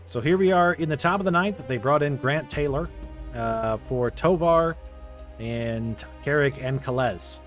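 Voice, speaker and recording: A young man narrating his baseball video game play by play, quickly getting frustrated at the game. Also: mid-range voice, soft background music. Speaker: gaming YouTuber. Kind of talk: casual video game commentary.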